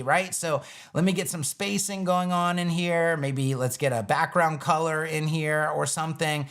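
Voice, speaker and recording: A man's voice: a little high, normal speed, fairly bright tone. A man teaching web design on a live stream, talking casually through each step as he builds a page on screen.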